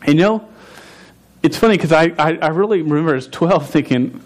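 Animated stuttering man in his forties preaching. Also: on the high side, a little fast. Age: 40s. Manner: stuttering with frequent restarts; animated, laughing storyteller. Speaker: pastor. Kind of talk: storytelling sermon.

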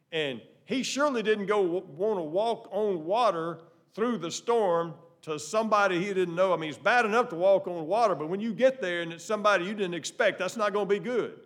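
A man preaches a sermon in a fairly high voice that leaps and dips with lively inflection. He pushes hard on key lines, then drops almost to a murmur. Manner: animated preaching, swinging from loud emphasis to soft asides. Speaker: pastor.

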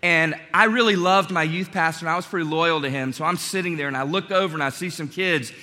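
A man from North Carolina preaching a sermon, telling stories in a conversational way with animated asides. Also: a little high, fast. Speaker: pastor. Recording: long hall reverb.

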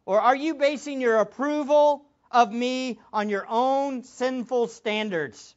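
A man's voice: very high voice, slow pace, lo-fi sound. A man preaching a sermon as a pastor, emphatic, with much repetition for stress.

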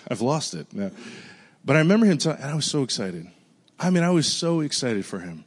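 A male pastor delivers a storytelling sermon in a conversational, earnest way. His voice sinks to a hushed murmur when he recalls his prayers and jumps up high in bursts of excitement. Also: brisk.

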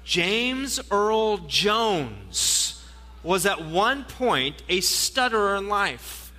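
A man preaching a sermon as pastor, telling stories in an animated way with playful asides, in a church hall. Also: sits high, takes it slowly. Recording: long hall reverb.

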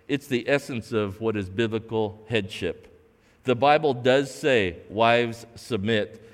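A man preaching a sermon as pastor, driving points home with emphatic repetition and rising to shouts at the peaks. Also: mid-range voice, big-room sound.

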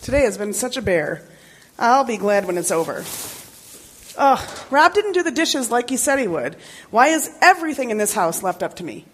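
A woman's voice: on the high side, big pitch swings, moderate pace, husky. A woman playing an exasperated, sarcastic mother in a church skit.

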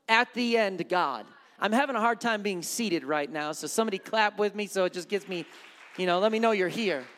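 A man's voice: very high-pitched, a bit bright, long reverb tail. A male pastor preaching a sermon in an impassioned way, repeating refrains.

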